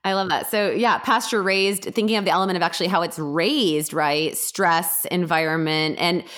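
A woman hosts a relaxed interview, full of quick enthusiasm and easy laughter. Her voice sits a little low for a woman. She talks in a brisk, chatty way. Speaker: podcast host and author. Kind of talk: casual interview chat.

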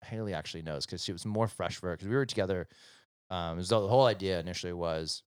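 A man's voice: sits low, quick pace, smooth, no echo, clean studio sound. A middle-aged man chatting casually and rambling through a family story, with plenty of fillers and acted-out dialogue. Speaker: divorced father sharing his story. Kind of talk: casual conversational chat.

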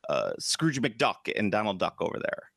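A man's voice: on the low side, wildly swooping pitch, moderate pace, vocal fry, a bit bright, dry recording, studio quality. A man co-hosting a casual tabletop gaming podcast, joking around and laughing often. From Polish family background. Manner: jokey, puts on silly accents, laughs often. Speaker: podcast co-host. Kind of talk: casual chat about tabletop games.

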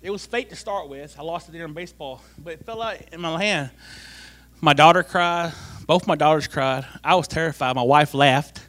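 A middle-aged man tells a lively personal testimony, repeating phrases for comic effect. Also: on the high side, moderate pace. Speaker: church member giving testimony.

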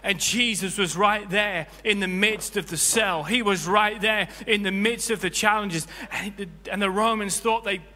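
A male pastor delivers an impassioned sermon in a high, very bright voice. He swings from loud, soaring peaks down to hushed, low stretches. The sound carries a long hall reverb with faint music beneath. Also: moderate pace, few pauses. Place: church hall.

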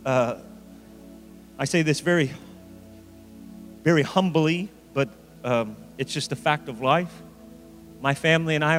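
High-pitched preaching man in a hall. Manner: preaching with emphatic rises and dramatic slow phrases. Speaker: pastor. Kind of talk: sermon. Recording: reverberant hall with faint music.

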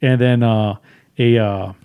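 A man's voice: mid-range voice, steady tone, takes it slowly, smooth, phone-quality sound. A man co-hosting a casual podcast chat, rambling through a film recap and acting out characters' lines.

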